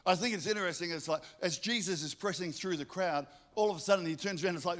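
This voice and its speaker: A male pastor preaching a sermon, stacking up rhetorical questions and telling lively stories. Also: sits high, quick pace, few pauses.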